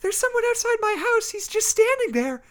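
A man putting on the voice of a frightened young woman calling an emergency line, in a high falsetto plea. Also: very animated, unhurried, darkish tone, exaggerated voice.

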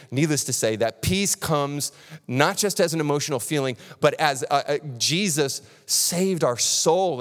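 A man in his thirties preaches with lively, animated delivery, often restarting his sentences and acting out quotes in other voices. His medium-pitched voice carries a long reverb from a large hall. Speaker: pastor. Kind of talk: sermon.

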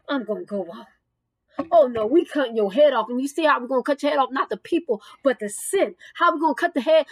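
Fervent woman preaching, high and dry. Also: a little fast, husky, dry recording. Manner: exclaims "ooh" and "glory to God", swings from calm reading to shouting. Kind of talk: fervent sermon reading scripture.

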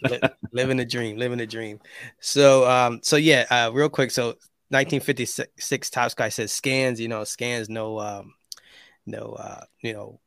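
A man's voice: mid-range voice, level tone, unhurried, vocal fry, a bit bright, no echo. A man hosts a casual live show over a video call. He rambles and leans on fillers as he talks. His voice sounds close and dry, with little room sound. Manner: loose, rambling, full of fillers. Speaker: podcast host.

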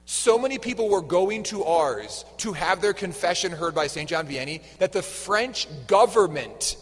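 A man preaching a homily with a fairly high voice, talking casually and tossing questions at the congregation. His words ring out in a large, echoing church hall. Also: fairly bright tone. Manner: conversational, quizzes the congregation. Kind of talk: sermon.

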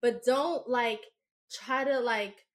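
A young woman co-hosting a podcast, telling a story in a blunt, profane, animated way. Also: fairly high pitch, takes it slowly. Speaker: podcast co-host. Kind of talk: casual podcast chat.

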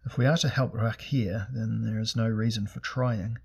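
A man's voice: fairly low pitch, fairly even intonation, normal speed, gravelly, darkish tone, husky, muffled recording. A man voicing a grim, sardonic sorcerer prince who speaks in a formal, archaic way in an audiobook.

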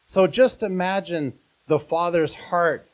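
A man's voice: high voice, fairly even intonation, slow. A man preaching a sermon as pastor, earnest and often putting questions to his listeners.

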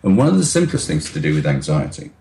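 A middle-aged man with a very low, deep voice speaks as a guest expert on a video call. He explains things patiently and demonstratively, deliberately slowing his speech to make a point. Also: wildly swooping pitch, vocal fry, dark tone. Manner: demonstrative, acts out anxious voices and slows down on purpose. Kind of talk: explanatory interview talk.

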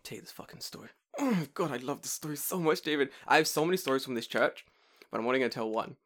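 A man's voice: quick pace, slight background noise. A young British man telling a story in casual chat, swearing freely and acting out other people's voices. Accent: British English. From Britain. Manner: animated, swearing, acts out voices with big pitch jumps.

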